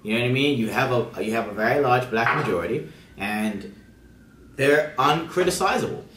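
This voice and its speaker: A man's voice: mid-range voice, animated, normal speed, a bit bright, a little hiss or hum. A man co-hosting a casual political discussion, pressing his points emphatically and repeating words. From Bermuda. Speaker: co-host. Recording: roomy, from a distance from the mic.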